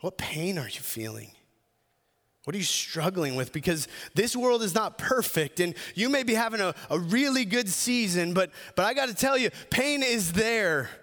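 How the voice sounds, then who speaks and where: A male pastor with a high voice delivers an earnest sermon. He often restarts his phrases and slows right down on the words that matter. A long hall reverb trails his voice. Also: animated, fairly bright tone. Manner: earnest preaching with frequent restarts, slowing on key phrases.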